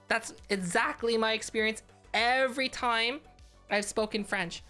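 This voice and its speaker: Bright playful girl streamer, talks slow and giggly, chatting with chat over faint music. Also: a little high. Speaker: VTuber streamer. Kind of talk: casual live-stream chat.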